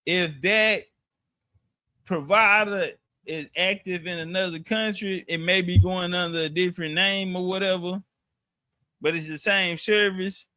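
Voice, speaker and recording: A man telling a travel story in loose, slangy casual talk, full of restarts and profanity, sometimes sinking to a low mutter. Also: steady tone, measured pace, bright, forceful tone, clean tone, dry recording.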